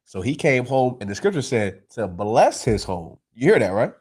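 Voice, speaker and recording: A man's voice: medium pitch, moderate pace, breathy edge. A man teaching a scripture class in a streetwise manner, often asking if the listeners understand. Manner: animated, streetwise, swearing, asks "you understand?".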